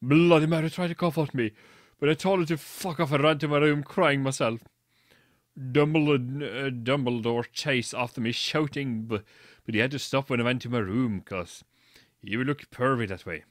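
A man's voice: mid-range voice, normal speed, no room sound, studio quality. A man reading a badly written story aloud for comedy, mocking it and stumbling over its misspellings. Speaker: reader.

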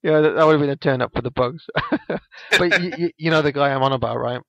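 A man's voice: mid-range voice, fairly even intonation, very fast, gravelly, dry recording. A man, casually recapping a wrestling match on a podcast, rambling with lots of ums and restarts. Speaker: podcast co-host. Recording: dull, lo-fi dry podcast mic.

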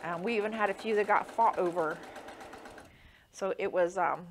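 A woman's voice: mid-range voice, normal speed, a little hiss or hum. A woman quilter chatting casually through a sewing demonstration, rambling with lots of fillers.

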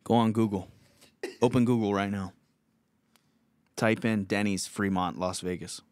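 A man's voice: lowish voice, steady tone, measured pace, a little mellow, dry recording. A man hosting a podcast, telling a story in a casual, profane, laughing way. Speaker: podcast host.

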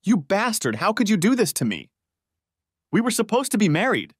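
A man's voice: sing-song, unhurried, fairly bright tone, no room sound. A man voicing a furious, jilted young woman who shrieks and rages, in a dry, close recording. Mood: distraught. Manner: shrill, shrieking.

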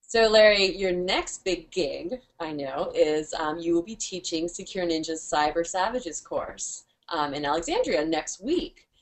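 A woman's voice: fairly low pitch, expressive, a little slow. A woman hosting an interview, asking questions and giving an upbeat promotional wrap-up. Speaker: interview host.

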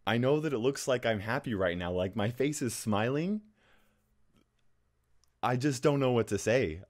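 A man's voice: medium pitch, normal speed. A man vlogging for his gaming channel, talking straight to camera in an anxious, rambling way, with nervous laughs and frequent restarts. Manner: restless, with frequent restarts and fillers. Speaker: gaming YouTuber. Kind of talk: casual talking-head vlog.

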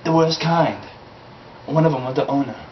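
A man's voice: a little high, moderate pace, a little hiss or hum. Guy doing a goofy fake accent, rambling off the cuff, echoey lo-fi home vid. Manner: vague put-on foreign accent, rambling and improvised. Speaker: comic character host. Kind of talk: amateur comedy sketch. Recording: roomy, dull lo-fi home video.

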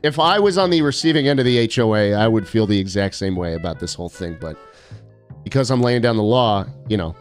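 A man's voice: lowish voice, expressive, brisk, soft background music. A young man streaming casually, reading viewer postcards aloud with sarcastic, mock-arrogant jokes.

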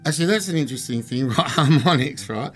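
A man's voice: medium pitch, lively intonation, fast, fairly bright tone. A man with a slightly barky voice, co-hosting a casual chat about guitars, laughing and rambling as he explains things. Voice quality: a bit barky. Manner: laughing, rambling, self-deprecating. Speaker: co-host. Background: guitar playing.

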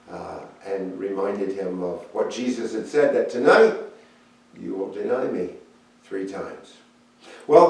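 A man teaching an adult Sunday school Bible lesson in a church room, telling the story in an unhurried, reflective way with pauses. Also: medium pitch, a little mellow. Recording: very echoey room, mic far off.

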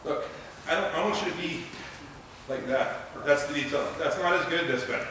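A man teaching grappling moves on the mats, explaining and telling animated stories with loud excited bursts. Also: on the high side, normal speed, slight background noise. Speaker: grappling instructor. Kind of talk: mat instruction with demonstration. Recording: echoey gym recorded from a distance.

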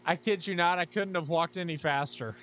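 A man playing a horror game and commenting on it, frustrated and swearing as he rants, his voice getting hoarse. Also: on the high side, fairly quick, dull audio, very noisy. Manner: frustrated, swears a lot, ranting. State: losing his voice. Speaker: gaming YouTuber. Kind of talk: let's play commentary.

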